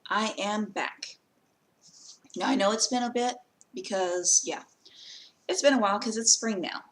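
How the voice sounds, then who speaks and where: A woman vlogging in a casual talk to camera, plainspoken and earnest, giving direct advice with frequent pauses. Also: medium pitch, poor audio.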